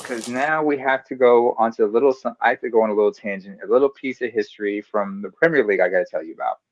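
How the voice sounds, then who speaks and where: A man's voice: mid-range voice, fast, no room sound. Male co-host with a dull, dry sound. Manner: animated storyteller, goes off on tangents. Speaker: podcast co-host. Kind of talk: casual chat.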